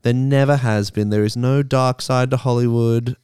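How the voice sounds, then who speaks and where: A man's voice: mid-range voice, steady tone, moderate pace, a little mellow, smooth, no room sound, clean studio sound. A man co-hosting a podcast in casual chat, joking and sarcastic. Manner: sarcastic, jokey. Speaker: podcast co-host.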